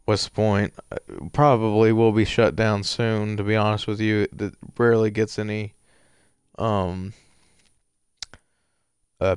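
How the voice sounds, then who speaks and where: A man rambles through a casual story, full of fillers and restarts. His low voice is gravelly at the bottom yet smooth and clear, recorded close and dry. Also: no echo. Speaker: streamer answering viewer questions.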